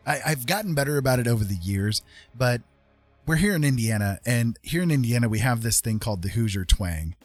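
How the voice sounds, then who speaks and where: A man's voice: medium pitch, dry recording. A man hosting a live stream, chatting casually and explaining things at length with many fillers. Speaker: streamer host. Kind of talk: casual chat.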